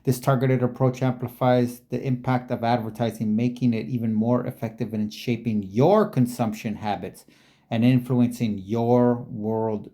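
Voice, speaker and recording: A man's voice: mid-range voice, dark tone. A man giving casual commentary as he reads text from a screen, rambling and musing and repeating words aloud. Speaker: video creator.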